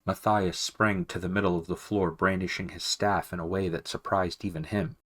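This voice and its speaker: A man narrating a children's novel aloud in a calm, measured reading. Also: deep voice. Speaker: audiobook reader. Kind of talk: storybook narration.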